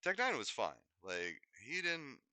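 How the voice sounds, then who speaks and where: Rambling young man with a bright, dry voice. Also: mid-range voice, unhurried, no room sound. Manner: rambling, animated, many fillers and restarts. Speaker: streamer. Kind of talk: rambling casual chat.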